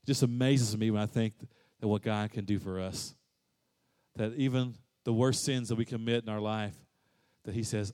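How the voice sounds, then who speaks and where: A man preaching a sermon as pastor. He moves between soft, low passages and loud, emphatic rises. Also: fairly even intonation, normal speed.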